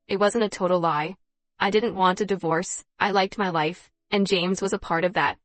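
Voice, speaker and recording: A woman narrating a dramatized first-person story in an even, measured reading voice. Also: on the low side.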